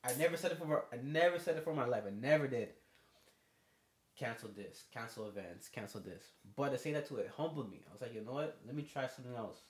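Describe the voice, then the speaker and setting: A man's voice: medium pitch, fast talker. Young guy on a podcast, acts out convos, echoey room. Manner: animated storyteller, acts out both sides of conversations. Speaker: podcast co-host. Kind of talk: casual chat. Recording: roomy echo.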